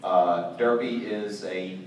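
A man's voice: low-pitched, fairly even intonation, takes it slowly, recorded from a distance, slight background noise. A man on a convention comics panel, telling a long behind-the-scenes story. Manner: storytelling, explains at length. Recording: echoey hall, mic from afar.

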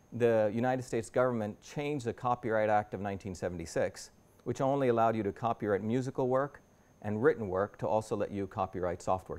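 A man's voice: fairly low pitch, a little mellow. A man in his fifties giving a lecture to a university audience as an invited speaker. He talks the audience through his slides in a conversational way, restarting and rephrasing often.

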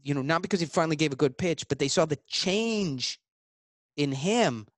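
A man being interviewed as a guest author, talking in a blunt, emphatic way and acting out both sides of sales pitches. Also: lively intonation, normal speed, dry recording, clean studio sound.

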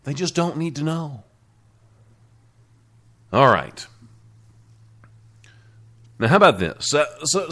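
A man hosting a casual solo talk show, rambling and correcting himself as he goes. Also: mid-range voice. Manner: rambling, self-correcting, with frequent restarts. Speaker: radio talk show host.

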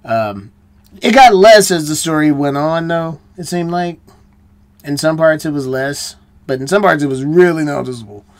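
A man's voice: a little high, expressive, normal speed. An American man hosting a reaction channel, reviewing an episode in a rambling, self-questioning way. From United States. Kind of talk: casual solo review chat.

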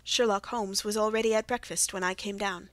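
A woman's voice: medium pitch, steady tone, fairly quick, fairly bright tone, no echo. Woman narrating an audiobook, dry sound. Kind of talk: scripted narration.

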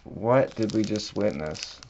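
A man hosting a card-breaking video, quietly reading off card names and bursting out loud at the big pulls. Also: on the low side, takes it slowly, gravelly, highs cut off, a little hiss or hum. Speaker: card-breaking channel host. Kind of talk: casual pack-opening commentary.

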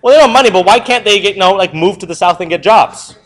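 A young adult male history teacher talks quickly in a high voice, reviewing material with his class. He's animated, tossing out questions to the students and supplying the answers himself. The audio quality is poor.

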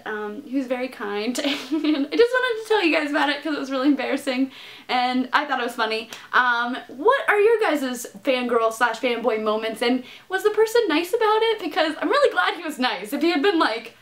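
A woman in her twenties telling a story to camera in a casual vlog, excitable and giggly, often laughing at herself. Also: high voice. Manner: excitable, giggly, self-mocking. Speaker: vlogger.

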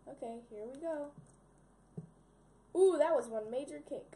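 A young woman giving casual, excitable commentary while playing a game, often yelping and repeating words in a panic. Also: high voice, measured pace. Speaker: gaming video creator.

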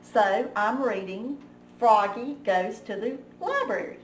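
A woman librarian reading a picture book aloud slowly and expressively, acting out the sound effects. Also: a little high, a little hiss or hum. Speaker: children's librarian. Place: library room. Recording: echoey room, mic far off.

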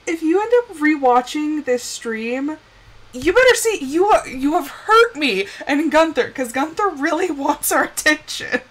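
Lively high-voiced woman streaming a game. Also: a little slow, rough recording. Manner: chatty, scolds her characters, bursts of excitement. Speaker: streamer playing a life-sim game. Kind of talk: casual live gameplay commentary.

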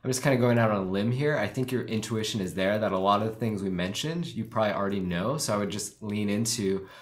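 A man's voice: on the low side, quick pace. A man co-hosting a live stream, casually critiquing a wedding film and thinking aloud with many fillers. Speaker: wedding filmmaker co-host reviewing films.

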